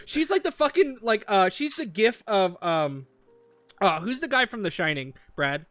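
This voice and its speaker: A man's voice: high voice, very animated, normal speed, a bit bright, no room sound, soft background music. A man hosting a casual comedic podcast, rambling and acting out characters in exaggerated quotes. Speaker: podcast host.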